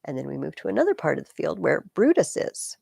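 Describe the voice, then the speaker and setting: A woman's voice: sits low, sing-song, fast talker, gravelly, breathy edge, no room sound, clean studio sound. A woman tutor reading a play aloud, stopping to explain each scene in plain casual words. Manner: switches between plain explanation and loud dramatic reading of the lines. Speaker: literature tutor.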